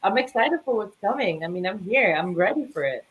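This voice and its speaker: A woman's voice: mid-range voice, lively intonation, fairly quick, poor audio. A woman guest on a podcast, speaking over a call in emphatic, affectionate bursts and repeating her phrases. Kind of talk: casual chat. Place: New York.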